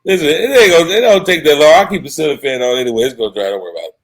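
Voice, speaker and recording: A man's voice: fairly high pitch, animated. Rambling, frank man hosting a live chat. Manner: loose and rambling, frank, quick asides and self-corrections. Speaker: dating coach hosting a live show. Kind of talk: casual livestream chat, reading viewer comments.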